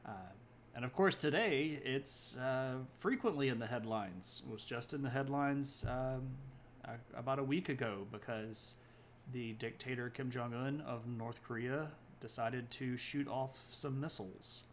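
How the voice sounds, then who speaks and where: Male streamer host, mid-pitched, loose and rambling, corrects himself as he goes, faint hiss underneath. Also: a little slow. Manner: rambling, self-correcting, chats to viewers between points. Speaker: host of a history livestream. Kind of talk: casual livestream talk.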